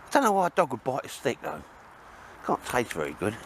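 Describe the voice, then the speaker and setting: A man's voice: medium pitch, wildly swooping pitch, a little fast, a crowd in the background. A man chatting and joking with his mates outdoors at a woodland campfire, teasing them in a laddish way. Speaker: vlogger. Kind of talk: casual banter with friends.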